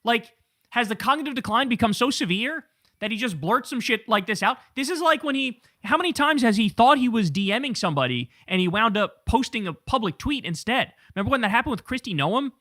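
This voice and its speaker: Bright, high-voiced profane male host. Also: expressive, fairly quick, dry recording, studio quality. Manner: blunt, profane and incredulous. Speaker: political commentary host. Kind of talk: casual political commentary.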